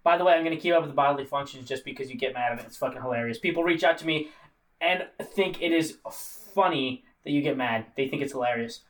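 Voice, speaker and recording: A man's voice: mid-range voice, fast, far from the mic. A man hosting a casual podcast, rambling and joking, often laughing as he talks. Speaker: podcast host.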